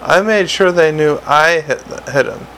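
A hulking, stolid troll sergeant, voiced by a man reading a story aloud speaks plainly and proudly. The voice has a gravelly rasp. A faint hiss sits under the reading. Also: on the high side, unhurried, a bit bright, low-quality recording. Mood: pleased, blunt. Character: large male troll sergeant, slow and stolid.

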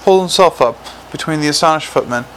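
Male storybook narrator, slightly raised pitch, measured dry delivery, faint background hiss. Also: fairly bright tone, poor audio. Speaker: audiobook narrator.

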